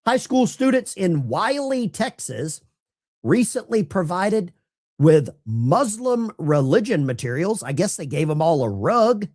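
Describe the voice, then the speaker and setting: A man's voice: high voice, big pitch swings, a little slow, a little mellow. A man hosting a live stream of political commentary, talking to his chat viewers in a sarcastic, rambling way with many restarts. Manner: addresses chat viewers directly. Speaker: political commentary livestream host.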